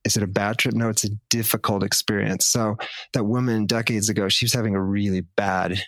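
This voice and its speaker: A man speaking as a therapist in a casual podcast chat. His voice sits low and dry, and he tells his stories in a measured, reflective way. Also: steady tone, fairly bright tone, no echo. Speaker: ketamine therapist.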